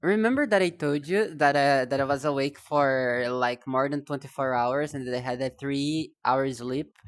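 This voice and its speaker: A woman's voice: extremely low pitch, normal speed. A young woman streaming live, chatting casually in a rambling, self-deprecating way, often stumbling over and repeating her words.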